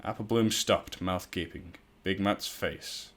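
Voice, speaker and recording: A man's voice: deep voice, takes it slowly, fairly bright tone. A man casually reading a fan story aloud, stumbling over words and breaking off into profane, self-mocking asides. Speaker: fan fiction reader.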